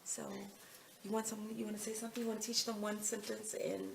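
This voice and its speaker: A middle-aged American woman with an American accent, talking into a handheld phone out in town. Her voice has a gravelly fry, and she wanders from thought to thought with plenty of ums and likes. A faint hiss of outdoor noise sits behind her. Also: medium pitch, flat delivery, fast talker. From United States. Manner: chatty, meandering, full of fillers. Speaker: vlogger. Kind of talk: casual rambling chat.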